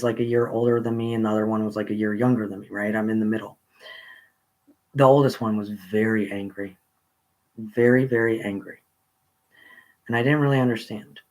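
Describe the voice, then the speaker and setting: Man telling a rambling childhood story. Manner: rambling, with pauses and restarts, rising pitch when excited. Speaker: channel host telling a personal story. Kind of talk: casual storytelling.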